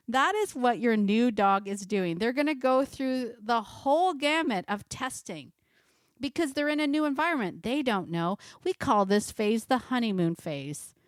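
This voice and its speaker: Lively middle-aged woman dog trainer. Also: fairly high pitch, moderate pace, dry recording, studio quality. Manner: lively, conversational, asks many rhetorical questions. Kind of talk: casual instructional talk to camera.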